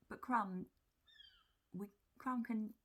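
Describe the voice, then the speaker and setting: A woman telling stories about her cats in a soft, breathy whisper, in a whispered role-play style. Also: medium pitch, very slow. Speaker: cat vlogger.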